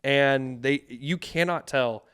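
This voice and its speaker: Casual male podcast co-host, smooth clear voice, rambles with lots of restarts and swearing. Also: medium pitch, takes it slowly, fairly bright tone. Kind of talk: casual chat.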